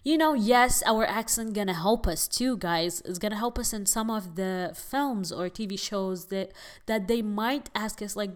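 A young woman hosts a podcast in a casual, chatty monologue. She talks straight to her listeners and fills her sentences with easy fillers, at a medium pitch for a woman. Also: moderate pace. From United Arab Emirates. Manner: chatty, addresses listeners as guys, frequent fillers. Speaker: podcast host.

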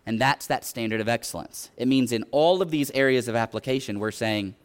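Guy preaching a sermon, earnest and urging, middle-pitched voice. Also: brisk, clean tone. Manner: earnest, exhorting, retells scripture stories.

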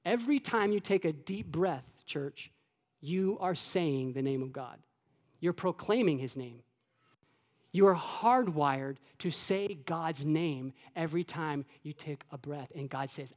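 A man from Florida preaching a sermon to his church, animated, acting out voices and dropping to a hush at times. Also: fairly high pitch, measured pace. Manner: animated, acts out God's voice and his own childhood taunts, with soft hushed stretches. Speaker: pastor. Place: church sanctuary with long reverb. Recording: echoey church hall.

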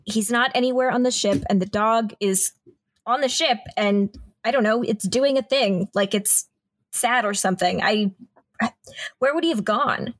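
A woman's voice: a little high, moderate pace, no room sound. Chatty woman narrating her game character. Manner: chatty, frequent "like" fillers. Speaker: tabletop game player.

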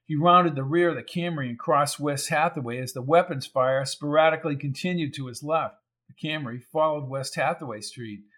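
A man reading a crime novel aloud in even, measured scripted narration. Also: on the high side. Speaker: audiobook narrator.

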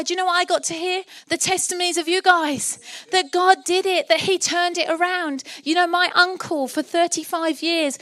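A woman's voice: high voice, a bit bright, dry recording, clean studio sound. A middle-aged woman from England preaching a sermon as pastor, impassioned and rousing, acting out the voices in her story.

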